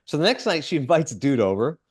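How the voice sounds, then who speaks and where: Male podcast host, brisk, chatty film recapper, filler-heavy. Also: fairly high pitch, very animated, slightly rough. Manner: rambling, filler-heavy retelling with quick quoted asides.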